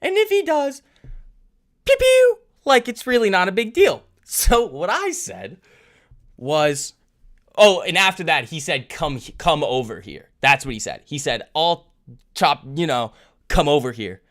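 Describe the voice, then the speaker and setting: Animated, bright-voiced man telling stories. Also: a little high, a little slow. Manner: rambling, animated storytelling with laughs and self-interruptions. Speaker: livestream trading host. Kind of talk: casual storytelling on a livestream.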